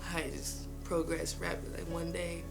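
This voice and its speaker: A woman's voice: lowish voice, monotone, normal speed, creaky, over music. A young woman from East Oakland, a rapper, telling personal stories loosely, full of fillers, acting out quotes. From East Oakland, California. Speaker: rapper interviewed in a documentary. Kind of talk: casual personal storytelling.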